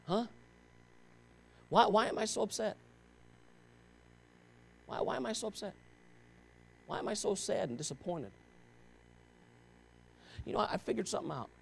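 A man's voice: high-pitched, sing-song, measured pace, creaky, pauses often, slightly rough. A pastor preaching a sermon to his congregation, talking straight at them in an impassioned, conversational way and pressing them with rhetorical questions.

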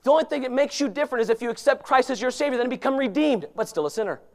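High-voiced fervent male preacher. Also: lively intonation, racing. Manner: fervent, swings from loud shouting to hushed pleading; quotes scripture in old-fashioned wording. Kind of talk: sermon.

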